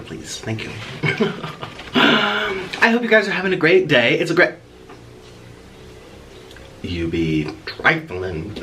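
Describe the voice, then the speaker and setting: A man's voice: high voice, pushed and bright. A man hosting a mukbang eating-show vlog, playful and rambling, chatting to viewers and cooing at his pet bird. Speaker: mukbang vlogger. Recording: distant mic with clear background noise.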